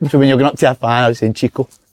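Casting: relaxed Scottish male panelist, mid pitch, dry close mic. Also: very fast, dry recording. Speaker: podcast panelist. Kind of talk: casual banter.

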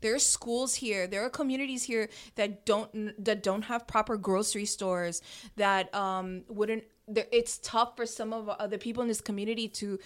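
A woman from Miami with a Miami accent, chatting as a podcast guest in an animated, slangy way, dropping Spanish words. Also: mid-range voice, normal speed. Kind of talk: casual podcast chat.

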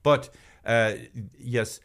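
A man's voice: medium pitch, steady tone, extremely slow, a bit bright, smooth. A man co-hosting a podcast from Ireland, rambling in casual chat, mimicking accents and swearing now and then. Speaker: podcast co-host.

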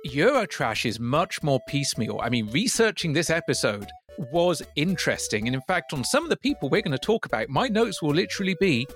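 A man's voice: fairly high pitch, very animated, a little fast, hardly any pauses, fairly bright tone, soft background music. A man co-hosting a podcast, talking casually with wry, teasing banter. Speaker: podcast co-host.

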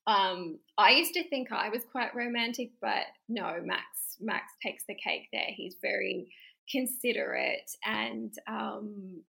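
A woman's voice: medium pitch, slow pace, gravelly, low-quality recording. A young woman telling an interview story casually, acting out quotes with lots of laughter. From Australia. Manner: animated, acts out quotes with laughter. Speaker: interview guest.

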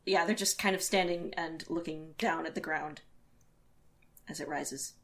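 A woman's voice: deep voice, steady tone, unhurried. A woman playing a tabletop role-playing game, describing her character's actions in a hesitant, thoughtful way. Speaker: player.

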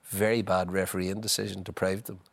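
A middle-aged man, a former footballer telling lively anecdotes as a guest, full of "you know". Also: deep voice, fairly quick, vocal fry. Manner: chatty, leans on "you know", acts out scenes. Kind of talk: animated anecdotal storytelling.

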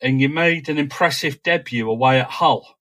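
A man conducting a conversational interview in a measured way, recounting details from match reports. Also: medium pitch, a bit bright.

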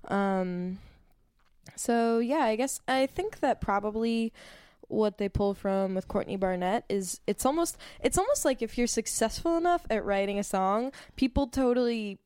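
A woman talking casually and reflectively about music and songwriting, thinking out loud. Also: a little high, lively intonation, measured pace, smooth, no room sound, clean studio sound. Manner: reflective, thinks aloud with restarts.

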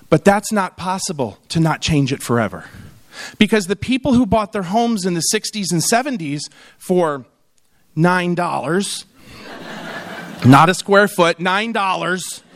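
Animated high-voiced man giving a keynote. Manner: animated storytelling, acts out quoted voices. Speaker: conference keynote speaker. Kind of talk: humorous keynote speech.

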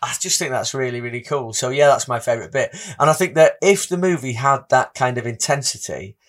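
A man's voice: mid-range voice, fairly quick, fairly bright tone. Man, podcast co-host, enthusiastic, rambling, casual film review.

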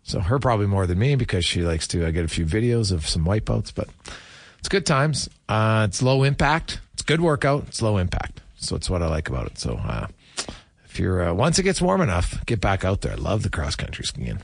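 A man's voice: low-pitched, wildly swooping pitch, fairly quick, gravelly, slightly rough, dry recording, clean studio sound. A middle-aged man hosting a sports radio show, talking casually and candidly with plenty of fillers and restarts.

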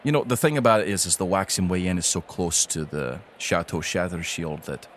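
A man's voice: low-pitched, fairly quick, fairly bright tone, a little hiss or hum. A man voicing a fretful dwarf king and fond father who talks hesitantly, full of ums and uhs. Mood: friendly.

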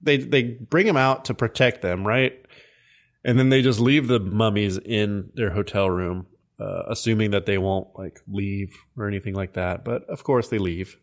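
A man with a lowish voice talks through a movie plot in casual podcast chat. He wanders and backtracks, filling gaps with ums as he goes. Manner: meandering, many ums and restarts. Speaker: podcast co-host.

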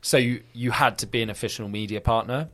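A young man, chatting casually as a guest on a talk show. He tells stories with energy and lots of filler, slipping into other people's voices when he quotes them. His pitch sits in an ordinary male middle range. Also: brisk. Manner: animated storyteller acting out quoted voices, filler-heavy. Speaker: guest, football video presenter. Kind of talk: casual interview chat.

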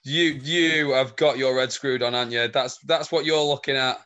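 A man's voice: mid-range voice, fairly even intonation, normal speed, a bit bright. A man co-hosting a podcast, bantering bluntly and swearing casually. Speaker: podcast co-host.

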